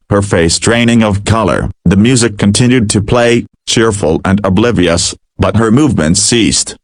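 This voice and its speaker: A man narrating a scripted emotional story in a measured, dramatic way. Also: lowish voice, no echo.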